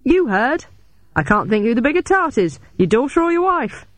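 A woman's voice: medium pitch, expressive, a little fast, darkish tone, dry recording, natural voice. A man voicing a tough young female detective who answers danger with sardonic quips, in a dry recording. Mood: taunting. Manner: sardonic quips under pressure.

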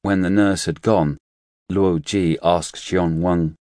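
Male audiobook narrator, deep low register, measured and steady, dry booth sound. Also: no room sound. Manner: measured, even storytelling.

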